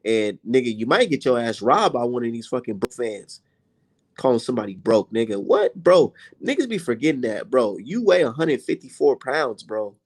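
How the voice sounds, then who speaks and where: Profane, animated man ranting. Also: medium pitch, moderate pace. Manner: profane, blunt, exasperated; reads viewer comments aloud. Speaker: boxing commentator and channel host. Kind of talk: heated livestream rant.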